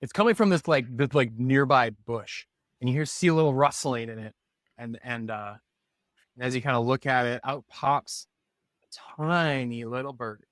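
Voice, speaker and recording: A man's voice: medium pitch, moderate pace, a bit bright, no room sound, clean studio sound. A man narrating as game master for a tabletop game, rambling and hesitant with lots of fillers.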